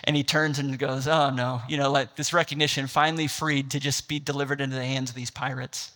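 A man's voice: mid-range voice, little pitch movement, a little fast, bright, forceful tone, long reverb tail. A man preaching a sermon, retelling a film scene and building to an impassioned, rising climax. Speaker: pastor.

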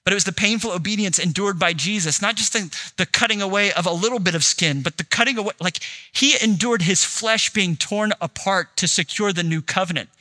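A man's voice: high voice, brisk, hardly any pauses, pushed and bright. A man preaching a sermon as pastor in a conversational way, acting out dialogue as he tells the story. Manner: conversational, acts out dialogue in quotes.

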